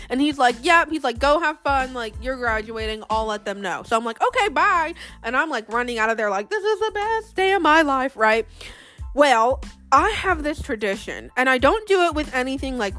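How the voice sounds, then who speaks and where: A woman's voice: a little high, fairly bright tone. A young woman telling a story casually in a chatty way, with many fillers and frequent laughter. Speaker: vlogger.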